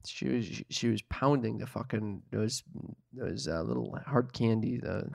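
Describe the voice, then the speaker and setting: A man's voice: lowish voice, a little slow, creaky, darkish tone, no echo, studio quality. A man telling a story in casual chat, swearing a lot, exasperated, mimicking other people in mocking voices. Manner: profane, exasperated storytelling with mocking put-on quotes.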